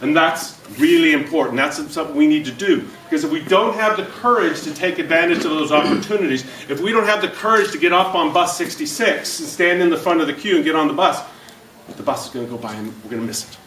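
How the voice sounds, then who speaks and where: A man giving an energetic, jokey motivational talk to a business audience and questioning the crowd. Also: fairly high pitch, fast talker, echoey room, recorded from a distance, slight background noise, poor audio. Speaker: speaker at a business event. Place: event room before an audience.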